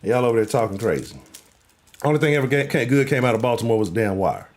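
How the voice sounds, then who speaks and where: A man's voice: medium pitch, lively intonation, fast. Man, sports talk host, loose and profane, joking banter. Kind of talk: casual live sports talk.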